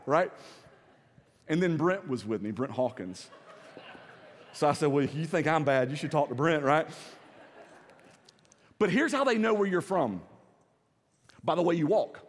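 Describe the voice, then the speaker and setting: Southern pastor preaching in a reverberant hall. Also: male voice, expressive, unhurried, pauses often. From South Carolina. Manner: preaching with swings from soft low to loud emphatic. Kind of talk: sermon. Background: audience laughter.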